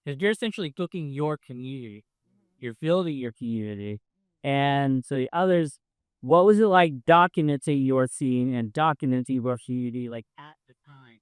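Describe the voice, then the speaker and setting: A man in the audience asking the panel a question, speaking haltingly as he thinks aloud. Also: mid-range voice, animated, clean tone, no room sound.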